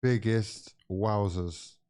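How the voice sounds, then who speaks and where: A young English man streaming a football watch-along, swearing freely and swinging between weary groans and loud outbursts of disbelief. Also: on the low side, drawn-out words, clear, resonant tone. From England. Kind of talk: live football reaction commentary.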